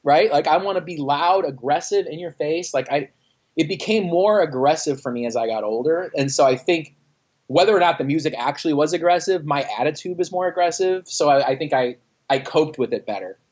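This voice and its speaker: Mann aus Texas, fluchend und lebhaft erzählend. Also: male voice, a little high, a little fast, muffled recording. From Austin, Texas. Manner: profane, animated storytelling with acted-out quotes. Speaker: former band frontman, guest. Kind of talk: casual interview over a call. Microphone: internet call.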